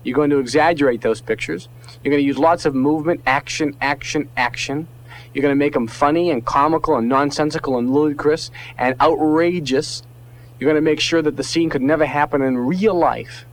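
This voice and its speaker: A man leading a guided memory exercise, coaching listeners in an emphatic, repetitive way with dramatic pauses. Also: a little high, a little hiss or hum, poor audio. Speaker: memory trainer.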